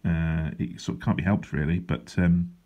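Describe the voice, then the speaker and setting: A man with a low, deep voice talks casually about his drawing plans. His humour is dry and self-deprecating, and he wanders off on asides as he goes. He sounds like a comic artist vlogging from his desk. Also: steady tone, moderate pace, dark tone, muffled recording. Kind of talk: casual drawing vlog chat. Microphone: handheld wobbling camera.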